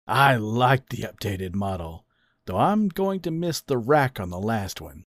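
A man voicing an older male fox father, teasing and mischievous with a slow drawl. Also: lowish voice, very animated, no room sound, clean studio sound. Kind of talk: storybook character voice.

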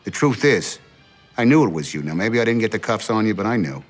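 An actor playing a stubborn middle-aged FBI agent in a film scene, speaking bluntly and insistently. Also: male voice, lowish voice, very animated, a little fast, faint music behind. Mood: stern. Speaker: federal agent.

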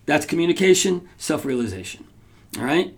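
Male podcast host, fairly high voice with some grit, casual storyteller who restarts lines. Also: normal speed. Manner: animated, rambling with restarts and frequent "right?".

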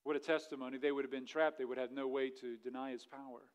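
A man preaching a sermon, reading scripture aloud and swinging between loud, rising emphasis and quiet asides. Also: medium pitch, fairly even intonation, fast. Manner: preaching with rising intensity, then dropping quiet; reads scripture aloud in old-fashioned wording. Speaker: pastor.

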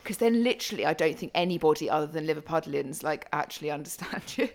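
A woman's voice: low voice, animated, fast talker. A woman with a Southern English accent co-hosting a podcast in casual chat, teasing, swearing freely and laughing often. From England. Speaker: podcast co-host.

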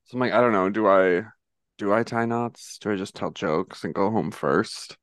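A man's voice: lowish voice, moderate pace, dry recording. A man chatting as a guest on a podcast, hesitant and understated with a dry humor. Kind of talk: casual chat.

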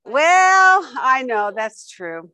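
A middle-aged woman with a fairly high voice leads a Bible study class in a casual, chatty style. She is effusive and expressive. Her voice sounds close and dry, with little room sound. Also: very slow, dry recording. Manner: warm, effusive and emotional when thanked.

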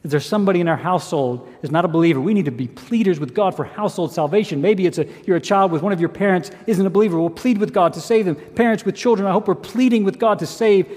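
A man with a high voice preaches a sermon, earnest and emphatic, pressing his points with rhetorical questions. His voice carries a long reverb, as if in a church sanctuary. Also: fast, hardly any pauses, a little mellow. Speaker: pastor.

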